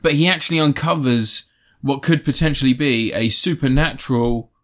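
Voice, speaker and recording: Male podcast host, mid pitch, sarcastic and sweary, casual comedic chat. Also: brisk. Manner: sarcastic, sweary, mock-earnest.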